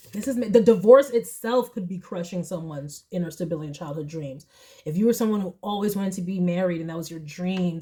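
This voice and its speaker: A young woman giving a casual tarot reading to camera, emotional and chatty, turning tearful, her voice swinging from soft and low to high and loud. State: tearful, crying at times. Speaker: tarot reader.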